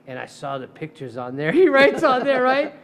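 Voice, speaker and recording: A man's voice: very high-pitched, normal speed. A middle-aged man, a defense attorney, telling a courtroom story in casual chat, laughing often and swearing freely. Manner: profane, laughing, animated storyteller.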